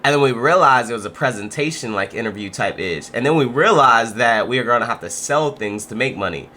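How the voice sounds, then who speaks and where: A man's voice: medium pitch, animated, fairly quick, sharp tone. A man hosting a reaction video, chatting casually in a slangy, laid-back way.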